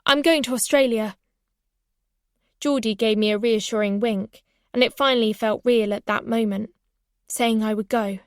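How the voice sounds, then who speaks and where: A woman's voice: on the high side, fairly even intonation, normal speed, dry recording, studio quality. Woman narrating an audiobook. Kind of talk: first-person audiobook narration.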